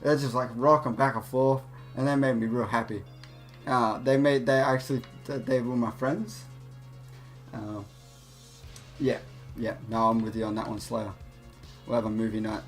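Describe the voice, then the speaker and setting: A man's voice: medium pitch, little pitch movement, normal speed, pauses often, soft background music. A young man hosting a gaming channel, telling a rambling, profane story with many restarts while he plays. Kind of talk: casual storytelling over gameplay.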